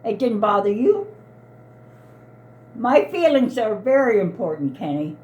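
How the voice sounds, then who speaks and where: Her voice a little high, with big pitch swings, an unhurried pace, and a darkish tone, an elderly mother in her eighties pleads and repeats herself. She's upset, in the middle of a heated family argument.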